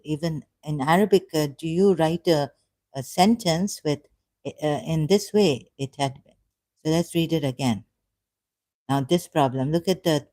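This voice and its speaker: A woman on a live stream, thinking aloud in a halting, hesitant way and correcting herself as she goes. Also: low-pitched, darkish tone, dry recording.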